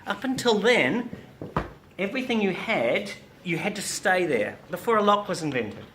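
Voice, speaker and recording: Animated woman teacher, demonstrative, very lively pitch; echoey classroom, faint background noise. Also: moderate pace.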